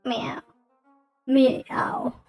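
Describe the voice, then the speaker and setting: A woman streamer putting on a squeaky, playful cat-girl voice, tacking meows onto her sentences between giggles. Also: drawn-out words, darkish tone, soft background music, rough recording. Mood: silly. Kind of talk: casual livestream chat.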